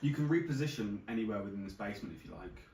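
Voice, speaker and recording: A man's voice: on the low side, lively intonation, rapid-fire, darkish tone. A man narrating as game master, loosely describing the action with frequent restarts. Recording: roomy distant mic, faint noise.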